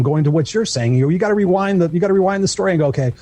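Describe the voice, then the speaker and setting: Fast-talking husky man, darkish tone. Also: high-pitched, no echo. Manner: animated storytelling, acts out quoted voices. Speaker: coach and guest. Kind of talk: radio talk show interview.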